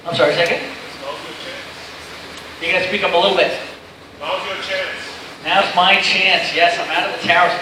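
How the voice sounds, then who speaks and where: A man's voice: high voice, fairly even intonation, normal speed, long pauses. Joking man in an echoey seminar room. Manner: chatty, joking, rambling storyteller. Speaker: seminar speaker. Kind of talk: informal safety talk to pilots. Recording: echoey room from far off, noisy.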